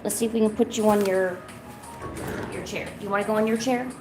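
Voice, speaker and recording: A woman's voice: mid-range voice, fairly even intonation, brisk. A woman streaming from home while drawing, chatting casually with lots of fillers and stopping to coax her cat. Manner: rambling, filler-heavy, coaxing her cat. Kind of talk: casual chat. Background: lo-fi music.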